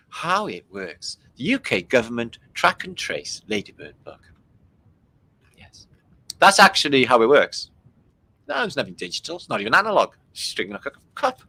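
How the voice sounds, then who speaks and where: Sarcastic man, lively bright voice. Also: mid-range voice, rough recording. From Britain. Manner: sarcastic, jokey, puts on silly voices. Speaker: livestream host. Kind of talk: casual mocking commentary.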